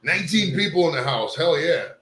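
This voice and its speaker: A man's voice: on the high side, lively intonation, fairly quick, a bit bright. A man hosting a casual live stream, swearing and rambling while fixing his camera gear. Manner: profane, rambling, fixes gear on air. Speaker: live show host. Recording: roomy echo.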